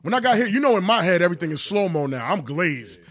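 A man casually telling a story on a podcast, acting out voices with sudden jumps in pitch and plenty of profane slang. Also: fast. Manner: animated, acts out dialogue with big pitch jumps.

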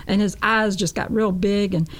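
Woman telling her testimony, earnest, folksy storytelling, mellow mid-range voice. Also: medium pitch, steady tone, moderate pace. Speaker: guest giving a testimony. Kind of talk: storytelling testimony on a talk show.

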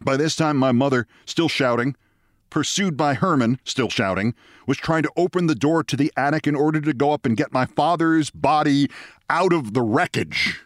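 A man hosting a podcast, reading a short story aloud in a lively storytelling manner. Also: moderate pace, no echo, clean studio sound. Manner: lively storytelling, jumps high for quoted shouts. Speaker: podcast host.

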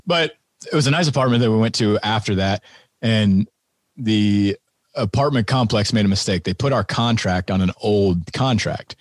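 A man with a fairly low, husky voice tells stories in a relaxed, wry way, with a laugh never far off. The sound is close and dry, with no room around him. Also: normal speed, no echo. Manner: laid-back, wry, laughs often. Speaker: podcast guest, farmer. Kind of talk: casual conversational storytelling.

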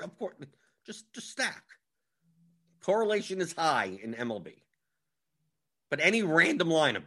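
In a bright, forceful mid-range voice, a man breaks down fantasy sports strategy casually. He's rapid and scattered, thinking aloud while scrolling and firing off lineups.

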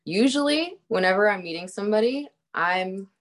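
A woman's voice: mid-range voice, expressive, normal speed. A young woman telling a story in a casual chat, laughing often and swearing freely, with lots of fillers.

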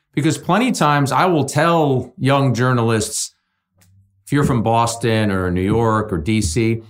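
Measured, earnest man, mid-pitched voice. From Jersey City, New Jersey. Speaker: sports journalist guest. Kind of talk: casual conversation.

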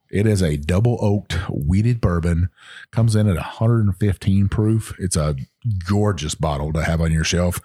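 A man's voice: deep voice, a little mellow, breathy edge. A man co-hosting a podcast in casual chat, enthusiastic and rambling, with lots of ums. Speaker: podcast co-host.

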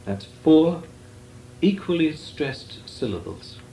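An older man, a Benedictine monk, giving a measured, deliberate talk on meditation with long pauses. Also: on the high side, very animated, vocal fry, dark tone. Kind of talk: slow meditative spiritual talk. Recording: echoey room with faint noise.

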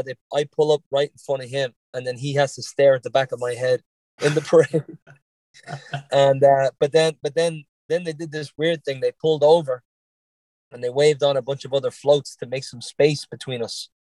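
An Irishman with a light Dublin accent, tinged slightly with Boston, chats as a guest on a podcast, telling rambling, profane stories and laughing often. His voice is medium-pitched and dark, steady in tone and moderate in pace, with no room sound.

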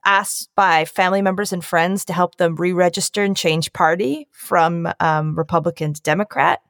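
Excitable, rambling woman host. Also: lowish voice, moderate pace, no room sound, clean studio sound. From Northeast Philadelphia. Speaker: podcast host. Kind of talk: casual podcast chat.

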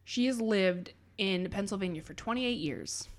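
A woman co-hosting a comedy podcast, playful and quick to joke. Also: medium pitch, slight background noise. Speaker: podcast co-host.

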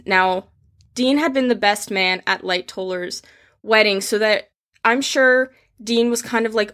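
A woman's voice: mid-range voice, measured pace, fairly bright tone. A woman telling history stories casually, with emotion, acting out the voices of the people she quotes. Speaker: history storyteller. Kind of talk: casual spoken history storytelling.

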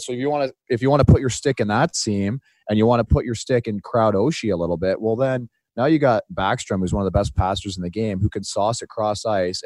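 A man co-hosting a podcast about hockey, who played the game himself and tells stories with animated impressions. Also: lowish voice, dry recording. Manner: animated storyteller, drops into impressions. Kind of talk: casual hockey chat.

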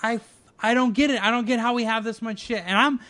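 A man with a notably high voice, talking in a loose, casual chat. He rants in an exasperated way and swears freely. The sound is very dry, with no room echo. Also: steady tone, fast talker, pushed and bright. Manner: profane, exasperated ranting.

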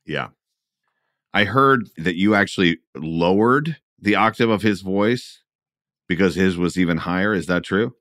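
A man's voice: low-pitched, measured pace, a bit bright, no echo, studio quality. A man hosting an interview podcast, mostly giving short affirmations and asking brief questions. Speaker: podcast host. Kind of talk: casual interview talk.

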